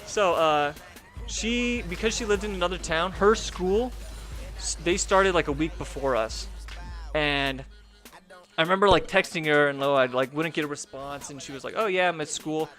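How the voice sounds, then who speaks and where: Young man, casual storytelling, rambling, lots of filler words, slightly high voice, faint music underneath. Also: moderate pace, a bit bright. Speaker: gaming streamer and video host.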